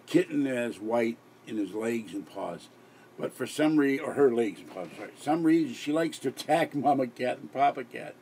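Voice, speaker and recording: Brief: older male stream host, sleep-deprived, rambling, giggly, mid-pitched voice, faint hiss behind. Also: a little mellow. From Pittsburgh area. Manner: tired, rambling, giggly, with frequent restarts. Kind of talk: rambling late-night live stream chat.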